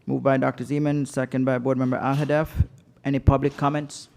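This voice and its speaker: A man chairing a school board meeting, brisk and procedural. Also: medium pitch, little pitch movement, gravelly, a little mellow. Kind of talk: running a public meeting.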